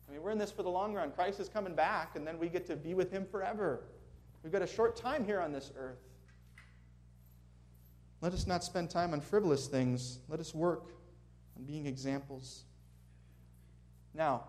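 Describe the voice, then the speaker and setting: A man's voice: fairly high pitch, a little mellow. A man preaching a sermon in a conversational way, asking the congregation questions as he goes. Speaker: pastor.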